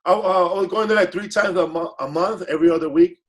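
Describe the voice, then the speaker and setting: A man in casual podcast chat, telling long stories with a relaxed, meandering flow. His voice sits slightly high, and he keeps restarting his sentences and dropping in bits of Spanish. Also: quick pace. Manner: laid-back, rambling, self-correcting, slips into Spanish phrases. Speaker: guest comedian. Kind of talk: casual storytelling.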